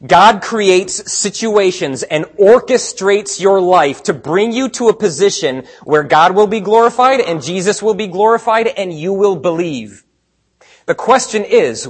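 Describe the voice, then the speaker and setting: Husky man preaching conversationally. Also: a little high. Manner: conversational preaching with rhetorical questions, swings between quiet and emphatic. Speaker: pastor. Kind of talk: sermon.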